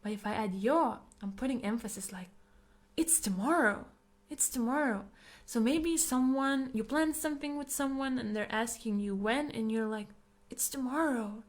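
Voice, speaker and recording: A woman teaching language grammar, patiently explaining and repeating example sentences slowly. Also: a little high, darkish tone.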